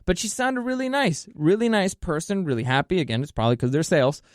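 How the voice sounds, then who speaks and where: A man's voice: sits high, lively intonation, fast, no echo, clean studio sound. A man telling a story in a casual monologue, rambling and swearing, often restarting his sentences. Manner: rambling and profane, with many restarts and fillers. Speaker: vlogger telling a personal story. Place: California.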